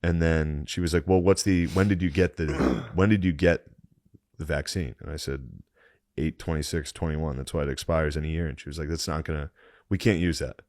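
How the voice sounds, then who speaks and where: A low-pitched man tells a story on a podcast, swearing often and breaking into laughter as he gripes. The sound is dry and close, with no room around him. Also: a little fast, no room sound. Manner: profane, animated griping with laughs. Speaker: podcast co-host. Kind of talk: casual storytelling chat.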